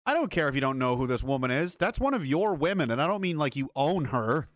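A man's voice: on the high side, very animated, fast talker, no echo, clean studio sound. A man hosting a video commentary, ranting in an angry, blunt and profane way. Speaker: commentary host.

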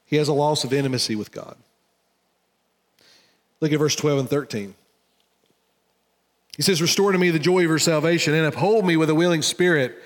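A man's voice: a little fast, long pauses. Earnest preaching man in a reverberant hall. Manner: earnest, preacherly, swings from loud emphasis to hushed low tones. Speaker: pastor. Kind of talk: sermon.

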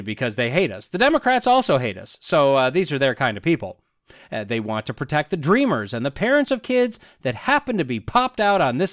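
A man's voice: fairly high pitch, fairly bright tone, no room sound, clean studio sound. A man hosting a podcast, delivering a sarcastic political commentary monologue full of wry asides. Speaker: podcast host.

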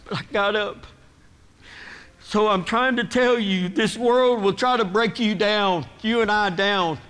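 A middle-aged man preaching in a church sanctuary, his voice sitting high for a man. He talks slowly and deliberately, earnest and emotional, pushing harder when moved. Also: a bit bright, clear, resonant tone. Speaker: guest preacher. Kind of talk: sermon.

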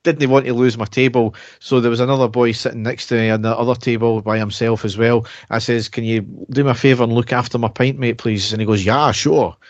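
A man's voice: mid-range voice, level tone, fast talker, few pauses, dry recording, muffled recording. A man co-hosting a podcast, telling a story in a chatty way and laughing at his own tales. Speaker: podcast co-host. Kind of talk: casual chat.

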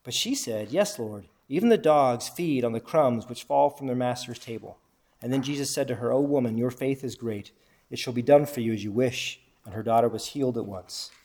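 Here a man with a mid-range, somewhat mellow voice speaks at a normal pace while teaching a group from the Bible. He reads scripture out loud, asks the group questions, and repeats the answers they give.

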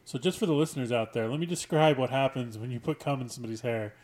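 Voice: mid-range voice, fast, darkish tone. Blunt, teasing podcast co-host. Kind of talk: casual chat.

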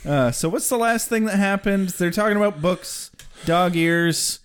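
A man's voice: high voice, measured pace, clean tone. A man co-hosting a casual podcast, recapping a TV episode, laughing often and putting on silly voices. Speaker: podcast co-host.

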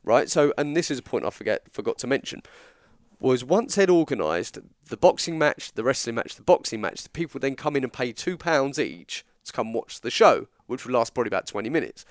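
A man from England, a guest, narrates a lengthy story in relaxed chat, animatedly voicing the dialogue of the people involved. His mid-range voice moves a little fast, and the clean studio recording carries no room sound.

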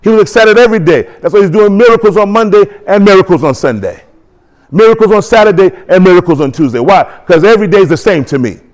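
Male preacher, slightly high voice, exhorting call-and-response sermon style with emphatic rising declarations. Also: fast. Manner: builds to excited, emphatic declarations.

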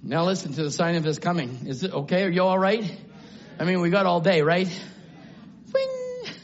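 Male preacher, high-pitched, shouting sermon in a church sanctuary, muffled recording. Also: big pitch swings, moderate pace, slight background noise. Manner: swings from low musing to shouted exclamations.

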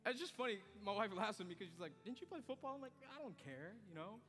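A male pastor preaching a sermon, swinging from hushed, low passages to loud, emphatic climaxes. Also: lively intonation, fast talker. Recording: hall reverb with soft music beneath.

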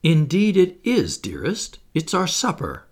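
A proud young noblewoman, put on by a male reader, brisk and commanding, pitched well above his own voice. The tone is husky and grainy, with wide swings in pitch. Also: wildly swooping pitch, full character voice. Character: proud, sharp young aristocratic lady.

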